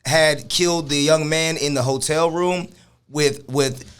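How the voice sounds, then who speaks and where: A man co-hosting a casual podcast chat, telling a story with acted-out shouted quotes. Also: fairly high pitch, fairly even intonation, a little slow, clean tone. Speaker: podcast co-host.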